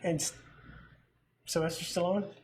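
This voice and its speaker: A man's voice: high voice, level tone, a little slow, a little mellow, a little hiss or hum. A man co-hosting a casual movie chat, a profane storyteller who laughs a lot. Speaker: podcast co-host.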